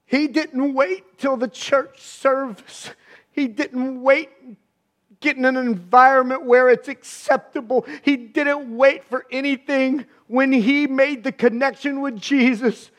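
A man's voice: very high-pitched, steady tone, slow pace, a bit bright. A man preaching a sermon in a fervent, emphatic way, repeating phrases for stress.

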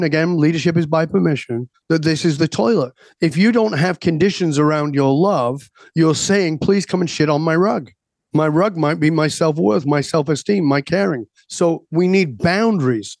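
A man's voice: on the high side, darkish tone, dry recording. Emphatic man, dry close sound. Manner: emphatic, rising to preachy intensity. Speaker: guest coach. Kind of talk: podcast interview.

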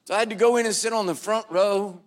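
Older male preacher; wry, dramatic storyteller, fairly high voice, punches up key lines. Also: steady tone, quick pace. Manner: wry, dramatic storytelling with sudden loud bursts. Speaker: pastor. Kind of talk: storytelling sermon. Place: church sanctuary before a congregation.

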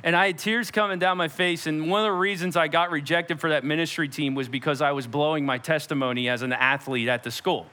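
A young adult man preaching a sermon as a pastor, telling stories and acting out quotes with lively shifts in voice. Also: fairly high pitch, brisk, few pauses. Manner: animated storytelling preacher, acts out quotes.

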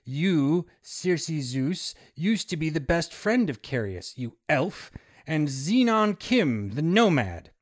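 A man's voice: on the high side, sing-song, takes it slowly, no echo, clean studio sound, voice pushed up, exaggerated voice. A man voicing a gloating witch who reveals secrets in a menacing way. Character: cackling gloating female witch, a hag.

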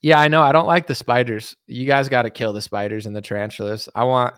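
Male livestream host, sarcastic and joking, mid-pitch, dry close sound. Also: steady tone, fast talker, a bit bright, clear, resonant tone, dry recording. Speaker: livestream host reading chat. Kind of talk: casual livestream chat.

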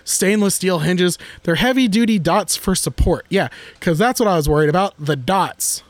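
A man co-hosting a podcast in casual chat, joking and excitable, talking in restless bursts. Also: high voice, normal speed, dry recording. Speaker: podcast co-host.

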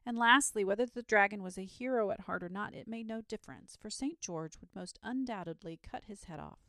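Calm, creaky-voiced woman storyteller. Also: mid-range voice, a little fast, no room sound, studio quality. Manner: calm and soothing. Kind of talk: bedtime story reading.

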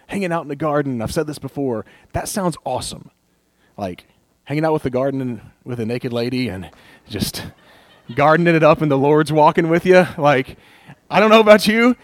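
A man's voice: mid-range voice, a little mellow, dry recording. A young man giving a casual sermon, laughing often and acting out inner voices. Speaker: pastor.

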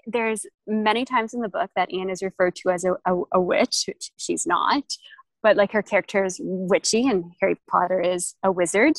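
Young woman, podcast co-host, chatty, halting, dry close mic. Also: mid-range voice, no echo, low-quality recording. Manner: chatty, halting, many restarts and fillers. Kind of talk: casual chat.

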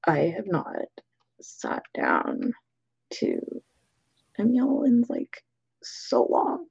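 A woman's voice: medium pitch, wildly swooping pitch, drawn-out words, vocal fry, a little mellow, breathy edge, dry recording, muffled recording, heavily acted. A woman voicing a hungry, awestruck female adventurer in a tabletop game, half-whispering. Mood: awed.

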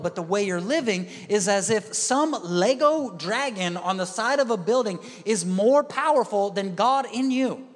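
Male pastor, sermon delivery. Higher-pitched, storytelling with acted quotes, checks in with the crowd. Reverberant hall. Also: expressive, measured pace, hardly any pauses. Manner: storytelling, acts out quoted voices; asks the crowd "are you with me?".

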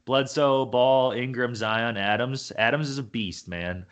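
A young man co-hosting a podcast, chatting excitedly about basketball with quick jokes and swearing. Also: mid-range voice. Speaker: podcast co-host. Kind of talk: casual sports chat.

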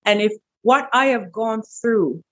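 Animated woman telling her story. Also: unhurried, lo-fi sound. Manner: animated, breaks into high quoted voices, repeats words. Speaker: interview guest, wellness clinic owner. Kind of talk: casual storytelling interview.

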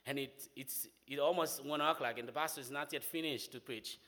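A young man from Haiti with a Haitian accent, telling a personal faith testimony in an animated way, often saying "man". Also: mid-range voice, a little fast. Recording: long hall reverb.

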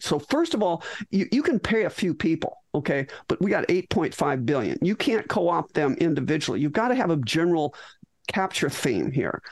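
A middle-aged physician, appearing as a guest in an interview, tells a story animatedly in a low-pitched voice, restarting often and acting out lines. There is no echo.

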